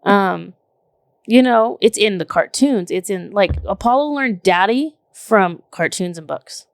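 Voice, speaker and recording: A woman in her thirties chatting casually on a podcast, telling stories in an animated way with lots of "like" and "literally", swearing now and then. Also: medium pitch, a little slow, clean tone, no echo, clean studio sound. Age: 30s. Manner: animated, filler-heavy storytelling with frequent "like" and "literally". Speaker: podcast co-host. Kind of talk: casual chat.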